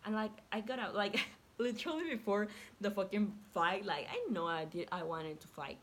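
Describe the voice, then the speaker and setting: A woman's voice: mid-range voice, normal speed. Young woman, casual profane storyteller, heavy on "like", quotes acted out. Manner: chatty and profane, packed with "like", acts out quotes. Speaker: vlogger.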